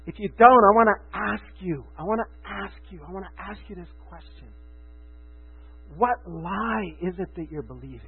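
A man preaching a sermon with passion, moving from hushed, quiet lines to loud, emphatic ones. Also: sits high, normal speed, gravelly, breathy edge. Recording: tinny phone-like sound with mains hum.

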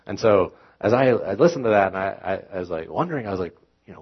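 A man's voice: sits low, animated, fast, slightly rough, dull audio. A man preaching a sermon in a conversational, self-correcting way, rising into emphatic scripture reading. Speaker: pastor.

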